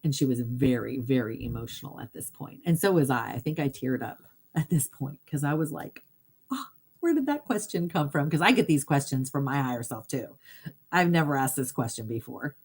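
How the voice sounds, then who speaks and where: Her voice rumbles low, husky and a little mellow, and she talks fairly quickly. This hypnotherapist and livestream host speaks straight to her viewers in a casual, earnest way, laughing easily as she moves between thoughts.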